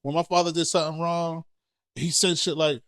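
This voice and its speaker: A man co-hosting a podcast in casual chat, telling blunt and candid stories that grow loud when he acts out arguments. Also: a little high, flat delivery, brisk, dry recording, studio quality. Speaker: podcast co-host.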